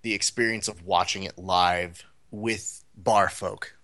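Animated male podcast storyteller. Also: sits low, takes it slowly, dry recording. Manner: animated, acts out the people in his stories. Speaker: podcast co-host. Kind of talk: casual storytelling chat.

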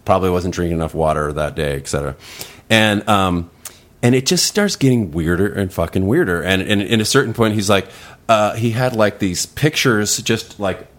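Man, lowish voice, loose rambling storyteller with lots of restarts; podcast guest. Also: animated, normal speed. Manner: rambling, acts out voices in quotes. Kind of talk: casual storytelling.

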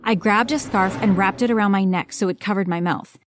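A woman reading a first-person story aloud as a storyteller, in an expressive, dramatic way. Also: medium pitch, fairly quick, a little hiss or hum. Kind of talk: scripted first-person narration.

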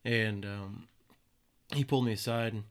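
A man's voice: fairly low pitch, steady tone, moderate pace. A man in his twenties telling casual stories, loose and profane, often laughing at his own tales. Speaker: guest. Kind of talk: casual storytelling.

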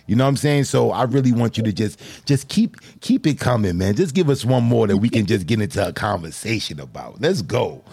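A man's voice: on the low side, very animated, fairly quick, vocal fry, hardly any pauses, darkish tone, breathy edge, no echo. A man hosting a show, talking enthusiastically and casually, repeating himself and using slang while praising his guest. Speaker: show host. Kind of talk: casual interview chat.

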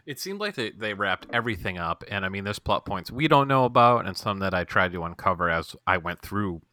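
A man's voice: low voice, animated, fairly quick, sharp tone, no echo. A man co-hosting a podcast, talking bluntly and dryly with some swearing. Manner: blunt, dry and profane. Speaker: podcast co-host. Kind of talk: casual chat.

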